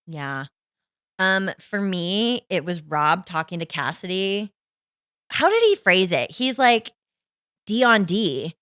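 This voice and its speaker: A woman co-hosting a podcast in casual chat, expressive and reacting loudly with groans and exclamations. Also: on the low side, slow pace, clear, resonant tone, dry recording, studio quality. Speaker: podcast co-host.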